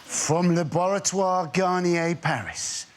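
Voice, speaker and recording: High-voiced comedian firing off gags. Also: male voice, takes it slowly, a faint crowd. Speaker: comedian panellist. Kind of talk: stand-up one-liners. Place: TV studio with audience. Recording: noisy TV studio.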